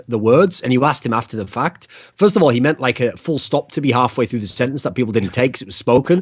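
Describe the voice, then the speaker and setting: A man in casual podcast chat who lays out his arguments in a measured way. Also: mid-range voice, no echo, clean studio sound. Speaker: podcast co-guest.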